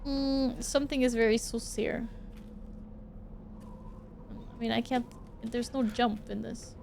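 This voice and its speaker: High-voiced woman streaming a game. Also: fairly even intonation, takes it slowly, vocal fry, slight background noise. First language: Swedish. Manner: swears and exclaims loudly at the game, chats with viewers. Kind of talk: live gameplay commentary.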